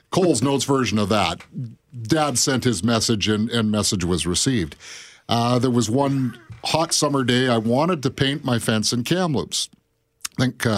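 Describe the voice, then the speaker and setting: A middle-aged man on morning radio, telling long family anecdotes in a loose, rambling way. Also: mid-range voice. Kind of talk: casual radio chat.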